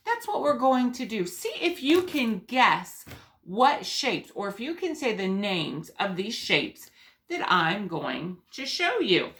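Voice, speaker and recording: Slow-spoken, bright-voiced preschool teacher. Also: female voice, medium pitch, very animated. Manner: slow, gentle and encouraging, sings call-and-response songs. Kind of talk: teaching young children on video.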